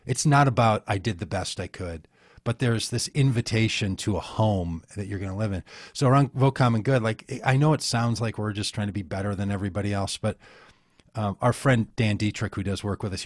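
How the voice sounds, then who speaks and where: Man guest, lowish dry voice, rambling earnest storyteller. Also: no echo. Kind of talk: conversational interview.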